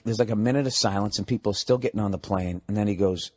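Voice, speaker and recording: A man telling a story as a stand-up comedian, profane and ranting, building up to loud outbursts. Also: lowish voice, quick pace.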